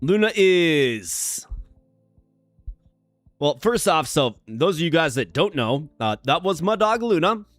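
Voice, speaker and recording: A man's voice: fairly high pitch, sing-song, takes it slowly, pauses often, dry recording, soft background music. A man streaming a management game live, chatting playfully with his viewers as he plays. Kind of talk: casual live-stream commentary.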